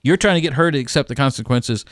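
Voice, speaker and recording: A man's voice: mid-range voice, fast, no room sound, clean studio sound. A man co-hosting a podcast, giving emphatic advice in casual chat, with frequent restarts and fillers.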